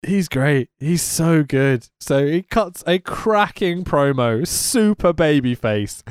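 A man co-hosting a wrestling podcast in casual chat, swearing freely, laughing often and rambling quickly. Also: fairly high pitch, lively intonation, clear, resonant tone, no echo, clean studio sound.

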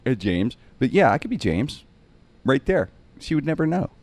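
A man's voice: a little high, normal speed, no echo. A man telling a funny road-trip story in casual chat, acting out the other people's voices. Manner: animated, acts out quoted voices.

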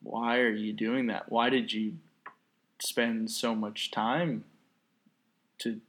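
A man's voice: lowish voice, flat delivery, takes it slowly, a bit bright. A man co-hosting a podcast in casual chat, ranting sarcastically and swearing freely. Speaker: podcast co-host.

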